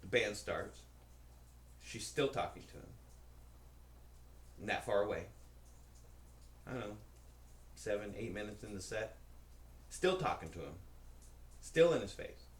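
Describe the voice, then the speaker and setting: A man co-hosting a podcast, telling a long, rambling story in a casual, profane, animated way. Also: lowish voice, unhurried, long pauses. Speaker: podcast co-host. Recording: roomy echo with faint background noise.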